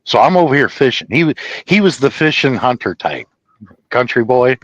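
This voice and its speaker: A man telling a personal story in a rambling, profane, animated way, laughing at his own tale. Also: mid-range voice, normal speed, no echo, highs cut off.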